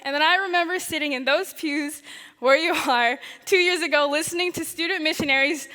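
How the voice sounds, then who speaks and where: Bright high-voiced young woman in a hall. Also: a little fast. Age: young adult. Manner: animated storytelling, laughing often, voices her past thoughts. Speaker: student chapel speaker. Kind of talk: personal testimony talk. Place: large chapel.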